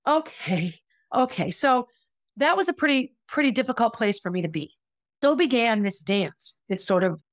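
A middle-aged woman tells her own story in a candid, reflective and confessional way. Her voice sits at a medium pitch. It is recorded close and dry, with no room sound around it. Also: dry recording. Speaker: podcast host. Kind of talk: personal storytelling.

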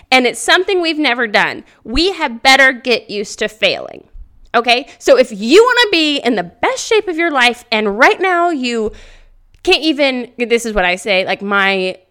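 A woman podcast host with a slightly high voice talks loudly and animatedly. She laughs often as she tells stories into her podcast microphone. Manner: speaks loudly; animated storytelling with frequent laughter. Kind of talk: casual motivational podcast monologue.

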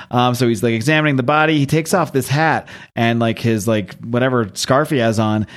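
Brief: male podcast co-host, mid-pitched, lively casual recap. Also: a little fast. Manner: animated story recap, laughs at own jokes. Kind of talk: casual chat.

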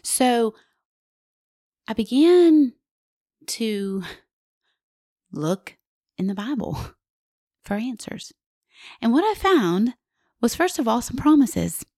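Warm-hearted woman guest speaker, forties; slow, intimate teaching that slips into whispers, recorded dry. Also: a little high, very animated, dry recording. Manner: earnest and intimate, asking the listener questions and dropping to a whisper. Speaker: guest speaker on a Christian parenting podcast.

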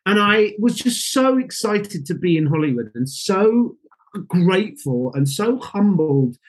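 Telling stories during a casual interview, a UK actor in his forties gets animated and performs the voices of those he quotes. He speaks in a high voice at a slightly slow pace.

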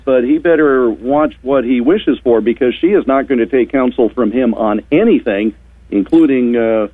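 A man's voice: medium pitch, no room sound. Wry man on a tinny phone line. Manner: wry, sarcastic. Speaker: radio guest commentator. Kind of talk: opinionated radio commentary.

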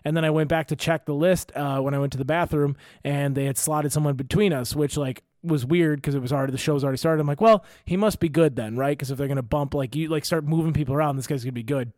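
A man's voice: on the high side, quick pace, few pauses, darkish tone, dry recording, studio quality. A young man, a comedian and co-host, telling stories casually and swearing freely. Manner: rambling storyteller, swears freely. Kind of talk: casual chat.

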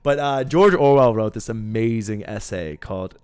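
Young guy guesting on a podcast, smooth voice, chatty and jokey about himself, dry close mic. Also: on the low side, normal speed, darkish tone, no echo. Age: young adult. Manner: chatty, self-mocking, explains things eagerly. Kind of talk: casual podcast chat.

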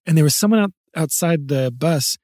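A young adult man co-hosting a podcast, telling stories in casual chat, animated and acting out the voices of the people he quotes. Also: on the high side, fairly quick, dry recording, studio quality. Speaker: podcast co-host.

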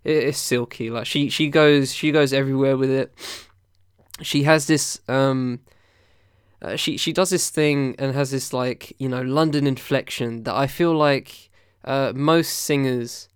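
A man's voice: medium pitch, fairly even intonation, measured pace, smooth, dry recording, studio quality. A man hosting a casual podcast, talking through albums in a loose, rambling way with many fillers and restarts. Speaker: podcast host reviewing albums. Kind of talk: casual chat.

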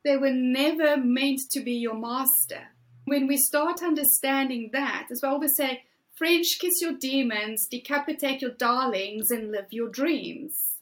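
Woman, 40s, high voice, unhurried, emphatic motivational coach. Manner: emphatic, animated, drawn-out phrasing. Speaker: guest, fear coach. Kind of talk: motivational interview talk.

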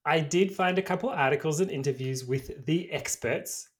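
A man's voice: fairly high pitch, moderate pace. A man co-hosting a casual podcast, explaining research and laughing easily as he talks. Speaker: podcast co-host presenting research. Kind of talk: casual chat.

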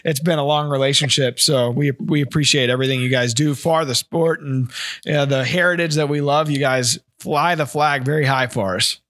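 A man's voice: mid-range voice, fairly even intonation, normal speed, fairly bright tone, no echo, clean studio sound. A man co-hosting a podcast in a casual chat, rambling through long remarks between short reactions. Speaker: podcast co-host.

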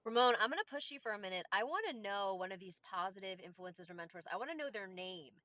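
Woman moderator, upbeat and coaxing, bright tense tone, mid pitch. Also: expressive, fast talker, no room sound. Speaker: host. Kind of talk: moderating a live audio room.

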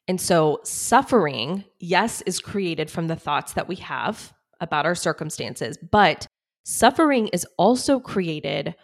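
Woman, 30s, solo podcast host, earnest, conversational, lowish pitch. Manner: earnest, conversational, says y'all and like.

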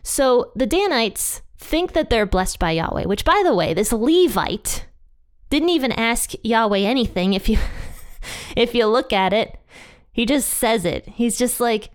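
A woman's voice: a little high, lively intonation, unhurried. A woman teaching a Bible passage in a casual, chatty way, retelling the story conversationally. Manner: chatty, conversational retelling with playful quoted voices.

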